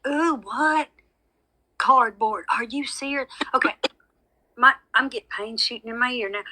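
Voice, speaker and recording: A woman's voice: on the high side, bright, forceful tone, poor audio. A woman with a lot of drama, chatting casually with viewers on a live stream and calling them y'all. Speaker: medium hosting a live stream.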